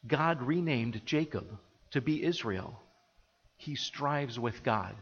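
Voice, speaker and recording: A man preaching a sermon, earnest and reflective, with soft pauses as he explains the passage. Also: mid-range voice, lively intonation. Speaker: pastor. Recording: dull audio with long hall reverb.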